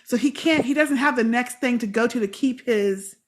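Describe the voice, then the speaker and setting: A woman's voice: a little high, moderate pace. A woman hosting a casual fan podcast, chatting animatedly and acting out characters' lines. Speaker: podcast host.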